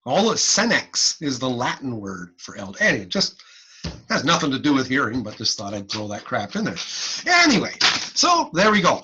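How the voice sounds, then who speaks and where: A man's voice: on the high side, a little hiss or hum, poor audio. A middle-aged man giving an online lecture on a video call, playful and demonstrative as he teaches. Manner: animated, playful teaching with repeated "guess what" and sound demonstrations. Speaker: hearing-instrument instructor.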